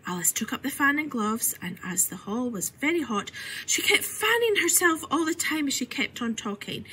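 A woman reads a children's story aloud with a lively, bright voice. Her pitch moves a lot and sits a little high, and she often drops to a whisper. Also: moderate pace, slight background noise, rough recording. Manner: expressive, often softening to a whisper. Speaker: reader. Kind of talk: storybook reading.

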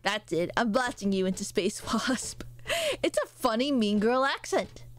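A woman's voice: medium pitch, measured pace. A woman from the United States casually chatting with her viewers while playing a horror game, joking and swearing freely. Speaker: streamer. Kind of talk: casual gaming stream chat.

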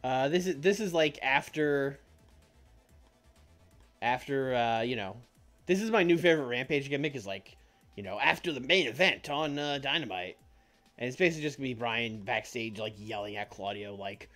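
Brief: rambling, jokey male streamer, very lively pitch, soft music behind. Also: normal speed. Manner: joking, rambling, laughs often. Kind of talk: casual chat while playing a wrestling booking game. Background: soft background music.

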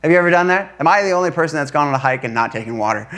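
Animated, high-voiced preacher man. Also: rapid-fire. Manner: animated, engages congregation with questions and calls for amen; laughs while telling stories. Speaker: pastor. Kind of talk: sermon. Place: church service before a congregation.

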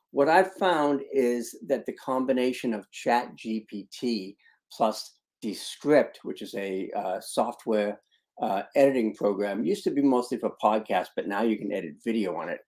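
A man's voice: mid-range voice, moderate pace, darkish tone. A man teaching a live online training webinar, talking through a screen-share demo with punchy emphasis on key words and chatty asides to attendees. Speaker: online video marketing trainer.

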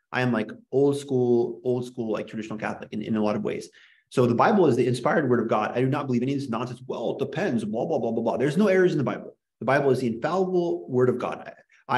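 Impassioned man ranting in an echoey room. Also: medium pitch. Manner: impassioned, worked up. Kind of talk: polemical rant to a class.

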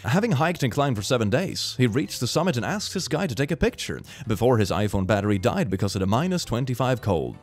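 Young man hosting a lively reaction video. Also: fast, few pauses. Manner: animated, laughing, swings in pitch. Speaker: host. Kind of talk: casual reaction commentary.

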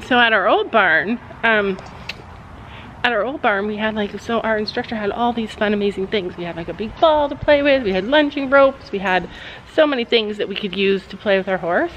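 A woman's voice: mid-range voice, normal speed, fairly bright tone, muffled recording, slight background noise. A woman vlogging as a mother at a horse barn, talking in a chatty, encouraging, rambling way. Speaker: vlogger mom. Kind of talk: casual family vlog at a horse barn.

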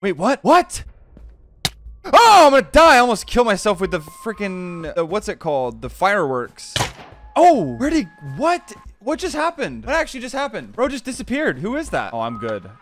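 A young man commentating his gameplay, easily spooked and prone to yelps and shouts. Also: sits high, huge pitch swings, normal speed, a little hiss or hum. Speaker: gamer being pranked.

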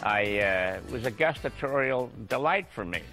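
An older man telling racing anecdotes in a TV interview, chuckling and pausing on fillers. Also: mid-range voice, expressive, pushed and bright, faint music behind. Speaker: racing journalist guest. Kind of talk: storytelling in a TV interview.

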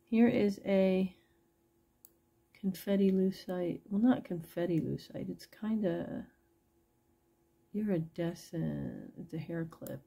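Casual online seller, woman, gravelly low-energy delivery, unhurried, chatty. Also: warm tone, a little hiss or hum. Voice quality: gravelly, husky. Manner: chatty, pricing each piece aloud as she goes. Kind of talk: casual live sales chat.

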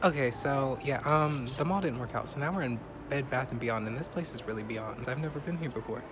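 A young man vlogging casually while shopping with a friend, animated and joking, laughing often, filmed on a handheld phone camera. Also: medium pitch, brisk. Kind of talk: casual vlog chat. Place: shopping store. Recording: noisy store ambience, traffic.

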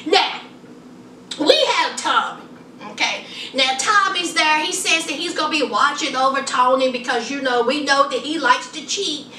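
Sassy woman vlogger with a high, bright voice, recorded a bit far from the mic in a roomy space. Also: moderate pace, slight background noise. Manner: sassy, chatty, calls viewers honey and child. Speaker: reality TV reviewer. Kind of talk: casual review commentary. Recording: roomy echo, distant from mic.

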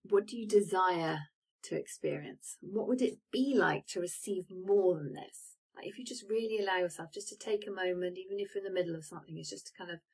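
A woman leads a live-streamed coaching talk, guiding gently and pausing to let listeners reflect. Her voice sits a little low, with an airy, breathy texture. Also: poor audio. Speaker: manifestation coach.

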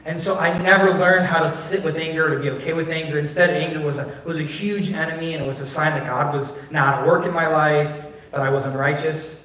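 A man's voice: on the high side, steady tone, fairly quick, few pauses, bright, forceful tone. A man pastor preaching a candid, conversational sermon full of personal stories and filler words, recorded on a phone in a church. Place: church sanctuary. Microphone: phone recording from a distance. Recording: distant, very echoey phone stream of a church.

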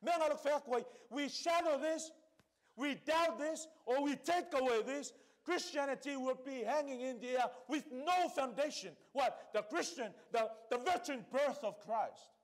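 Man, Samoan accent, pastor, church sermon, high voice, emphatic rhetorical questions. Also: measured pace.

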